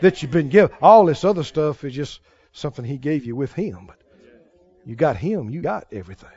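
A man preaching a sermon as pastor, fervent, with sudden bursts of loud praise. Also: a little high, sing-song, brisk, breathy edge, lo-fi sound.

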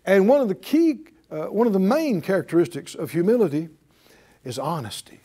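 A man's voice: sits high, animated, a little fast, dark tone, husky. A man preaching a sermon, emphatic and repetitive, leading his congregation in spoken affirmations. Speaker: preacher and Bible teacher. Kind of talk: sermon with call-and-response.

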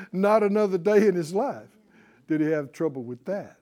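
A man's voice: sits high, measured pace. A man preaching a sermon, telling stories and acting out the dialogue, with call-and-response to the congregation. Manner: animated storytelling, acting out dialogue.

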